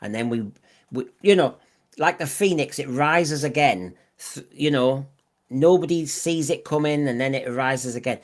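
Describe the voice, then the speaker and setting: A man's voice: medium pitch, moderate pace. A man hosting a podcast in casual discussion, who often repeats words and restarts his sentences. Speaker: podcast host.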